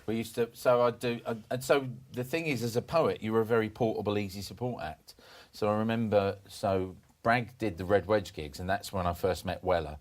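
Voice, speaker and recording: A man in his fifties telling stories on a podcast, animated, with many restarts and bursts of laughter. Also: lowish voice, a little fast, hardly any pauses. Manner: animated anecdote-telling, jumps into comic voices for quoted people. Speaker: podcast guest, former performance poet. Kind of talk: casual storytelling chat.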